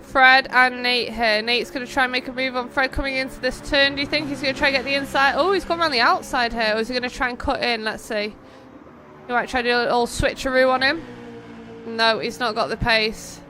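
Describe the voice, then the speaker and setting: A high, bright young woman calls a sim race live. She chats playfully between updates and gets excitable when the racing turns close. A faint background hiss sits under the voice. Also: fast. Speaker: race host and commentator. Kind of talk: live-stream race commentary and chat.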